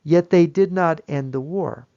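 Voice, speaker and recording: A man's voice: fairly high pitch, measured pace, warm tone. Earnest man lecturing, dull lo-fi sound. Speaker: presenter. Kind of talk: lecture-style presentation.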